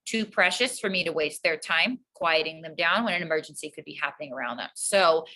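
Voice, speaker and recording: A woman teacher with an earnest, calm manner, explaining her classroom routines in a casual interview. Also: low-pitched, a little fast, rough recording. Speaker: teacher, guest.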